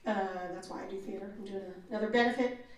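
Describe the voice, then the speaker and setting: A woman's voice: mid-range voice, very fast. A woman actor answering fan questions at a convention panel, joking and acting out voices as she tells stories. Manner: jokey, animated storyteller, acts out voices. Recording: very echoey room, from far off.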